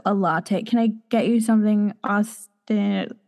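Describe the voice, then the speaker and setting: A woman's voice: mid-range voice, steady tone, unhurried, darkish tone. A woman improvising a comedy scene, speaking in hesitant, hedging bits. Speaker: improv player.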